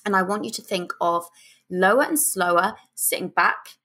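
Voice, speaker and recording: A young woman hosting a podcast, giving chatty, animated dating advice and sometimes dropping into a lower, slower voice to demonstrate. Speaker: podcast host and dating coach.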